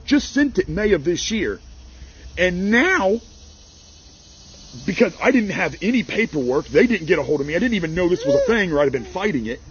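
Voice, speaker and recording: Man ranting, indignant and lively-pitched. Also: moderate pace, muffled recording, a little hiss or hum. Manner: heated, indignant, exasperated. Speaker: farmer and small business owner. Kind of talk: angry rant to camera.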